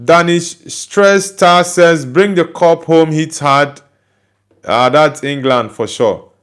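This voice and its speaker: A man's voice: on the high side, slow pace, fairly bright tone, clear, resonant tone. Nigerian male host, resonant voice, casual livestream chat, reads comments and answers them. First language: Igbo. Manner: reads out viewer comments and replies chattily.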